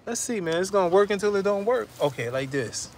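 A man's voice: high voice, animated, quick pace. A man talking casually to his viewers while he films a food vlog at a fish market and by his truck. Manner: chatty, keeps addressing viewers as y'all. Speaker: food vlogger. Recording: loud background street and vehicle noise.

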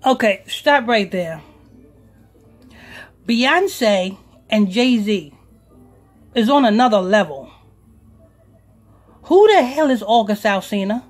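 A man's voice: high-pitched, animated, slow, long pauses, faint music behind. A man hosting a talk radio show as pastor, ranting emphatically with profanity.

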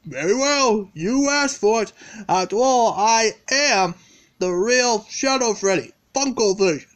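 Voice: medium pitch, lively intonation, measured pace, lightly acted. A performer voicing a boastful purple animatronic bear in a fan-made story, talking in a rambling, earnest way. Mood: cocky.

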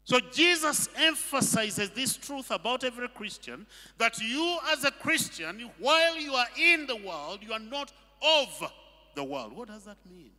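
A man's voice: extremely high pitch, lively intonation, measured pace, pushed and bright. A male pastor preaching a sermon, emphatic and full of rhetorical questions. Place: church hall. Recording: long reverb of a hall.

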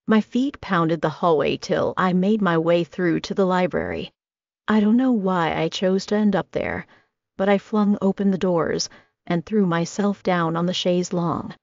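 A woman narrating a novel in the first person, intimate and reflective. Her voice is low with a gravelly edge. The recording is muffled and dry, close with no room sound. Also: normal speed, darkish tone, no room sound. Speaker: audiobook narrator.

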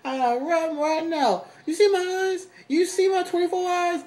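Shrill sassy spider lady, put on by a vlogger. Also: fairly even intonation, moderate pace, darkish tone. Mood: indignant scolding. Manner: shrill, scolding and indignant. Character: sassy, angry female pet spider. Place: bedroom.

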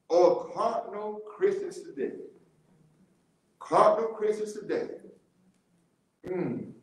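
In an echoey church room, a high-voiced man teaches a Bible study with lots of animation, laughing often and repeating key words.

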